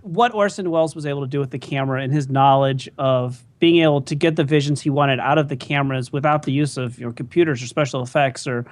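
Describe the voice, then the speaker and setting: A man in his thirties talks through a film argument on a podcast, circling back with ums and restarts. His voice sits at an ordinary middle pitch. The recording is dry and close, with no room sound. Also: fast talker, hardly any pauses, dry recording. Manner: rambling, lots of ums and restarts. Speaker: podcast co-host. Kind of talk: casual film discussion.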